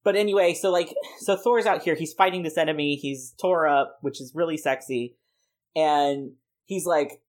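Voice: mid-range voice, fairly even intonation, moderate pace. Playful podcast host rambling along, chatty and loose, fillers everywhere. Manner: playful, rambling, frequent laughs and many "like" fillers. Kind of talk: casual chat, pitching a comic plot.

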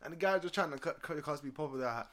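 A young man with a London accent, casually telling a story on a podcast, animated and laughing often. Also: quick pace. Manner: animated, swings loud and high when excited, laughs often. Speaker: podcast co-host.

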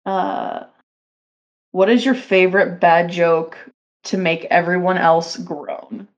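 A woman co-hosting a casual podcast, hesitant and quick to laugh. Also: on the low side, fairly even intonation, dull audio. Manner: slow, hesitant, laughs often. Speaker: podcast co-host.

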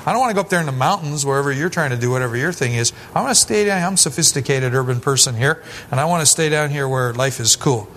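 A man's voice: mid-range voice, fast, few pauses, a bit bright, slight background noise. A man pastor giving a sermon in a conversational style, acting out quoted voices as he goes and often restarting his sentences.

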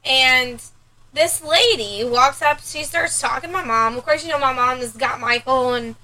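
Lady cohost chatting away, high bright voice, animated storyteller. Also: normal speed, rough recording. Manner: animated storyteller who acts out quoted voices. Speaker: podcast co-host. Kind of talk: casual chat.

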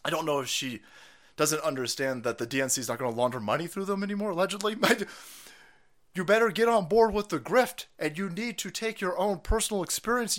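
A man's voice: high voice, fairly quick, fairly bright tone. A man streaming a ranting commentary on news clips, foul-mouthed and sarcastic, often breaking into laughter.

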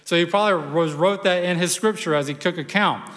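A pastor preaching a sermon, telling the story in a conversational, animated way with personal asides. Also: male voice, sits high, fairly quick, big-room sound.

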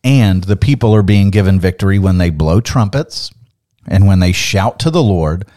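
A man's voice: low-pitched, expressive, moderate pace, mellow. A man co-hosting a podcast, teaching the Bible in an emphatic, building way and reading scripture aloud.

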